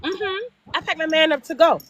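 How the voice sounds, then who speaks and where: A middle-aged woman telling a personal story in casual chat, animated and emphatic, acting out both sides of the dialogue. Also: very high-pitched, moderate pace, lo-fi sound, background noise. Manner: emphatic repetition. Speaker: guest storyteller.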